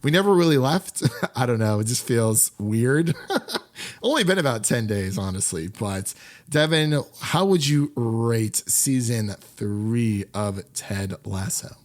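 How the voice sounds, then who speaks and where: A man's voice: mid-range voice, animated, slow pace. A man hosting a film podcast in casual chat, rambling and laughing often, with upbeat sign-offs. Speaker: podcast host.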